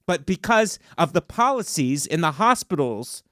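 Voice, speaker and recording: A man's voice: on the high side, very animated, moderate pace, fairly bright tone, dry recording, studio quality. A man in his forties hosting a podcast alone, ranting sarcastically and building to mock outrage. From Ohio. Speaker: podcast host. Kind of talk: solo comedic rant. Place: podcast studio.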